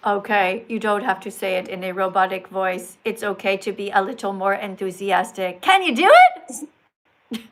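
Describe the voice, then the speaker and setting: A woman's voice: mid-range voice, little pitch movement, moderate pace, hardly any pauses, rough recording. An older woman hosting a livestream, talking to callers in an emphatic, scolding, teacherly manner. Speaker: livestream host.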